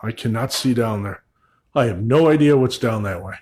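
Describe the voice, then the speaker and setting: Brief: male paranormal vlogger on his own in a dark old store, mid-pitch voice, loud calls then hushed asides. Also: normal speed, slight background noise. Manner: talks to spirits and camera, shifts between loud calls and hushed asides. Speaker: paranormal investigator. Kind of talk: solo ghost-hunting vlog narration. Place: old store building at night, indoors.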